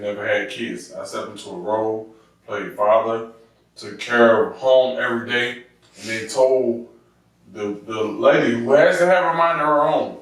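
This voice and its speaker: A man co-hosting a casual group podcast chat, telling personal stories in an earnest way and repeating words as he goes. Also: medium pitch. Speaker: podcast co-host. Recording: echoey room from far off the mic.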